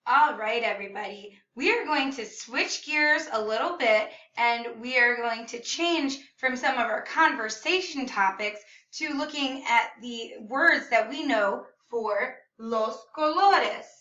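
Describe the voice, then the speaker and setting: A woman teaching a video language lesson for children, upbeat and enunciating slowly so students can repeat after her. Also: a little high, sharp tone, highs cut off. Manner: upbeat, slow and clearly enunciated, modeling words for repetition. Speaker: Spanish teacher. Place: classroom or room at home. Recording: echoey room, slightly far from mic.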